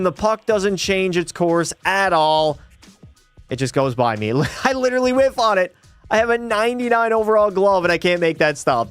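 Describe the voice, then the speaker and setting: A young man narrates his hockey gameplay for his stream in a slightly raised voice. He moves quickly from play-by-play to loud disbelief at every goal against him. Faint game music runs behind him. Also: high-pitched, clear, resonant tone, no room sound. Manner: excitable, swings to frustrated yelling at the game. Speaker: gaming streamer. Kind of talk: live gameplay commentary.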